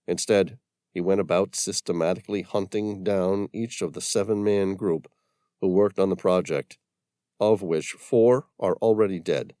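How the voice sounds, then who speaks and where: A man's voice: low voice, steady tone, moderate pace, dark tone, dry recording, clean studio sound, natural voice. A man doing a grim, hunted man. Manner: grim, intense, emphatic. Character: grim hunted male ex-scientist, fatalistic.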